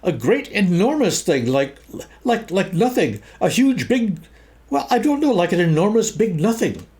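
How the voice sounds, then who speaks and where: A tiny, panicky young piglet from a children's storybook, his voice pushed far up into a thin, squeaky register. He stammers and gasps, breathless and fearful, tumbling over his words. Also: very animated, normal speed, a little mellow.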